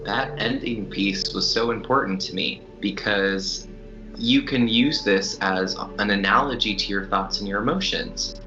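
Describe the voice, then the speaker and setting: A man's voice: fairly low pitch, a little slow, bright, forceful tone, lo-fi sound, soft background music. A man talking earnestly and reflectively in a casual spiritual conversation.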